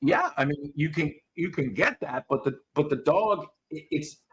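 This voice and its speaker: A man's voice: a little high, expressive, normal speed, a bit bright, a little hiss or hum. A man who trains dogs, coaching a student in a casual chat, blunt and swearing freely. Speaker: dog trainer.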